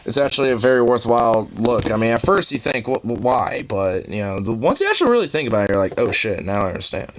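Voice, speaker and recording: Bright-voiced rambling young man streamer. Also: medium pitch, sing-song, fast, few pauses, a little hiss or hum, rough recording. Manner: rambling, swears a lot, laughs often; scolds and coos at his dog. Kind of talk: casual chat.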